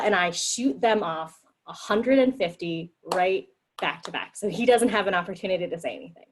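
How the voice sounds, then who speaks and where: A woman's voice: fairly low pitch, lively intonation, normal speed, poor audio. A woman leading a group discussion on empathy over a video call, upbeat and acting out quoted replies in a livelier voice. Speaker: meeting facilitator.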